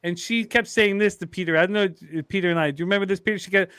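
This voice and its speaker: A man's voice: high-pitched, rapid-fire, a bit bright, clean tone, dry recording. A man, co-hosting a sports chat and telling a rambling, profane story with laughs. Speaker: podcast co-host.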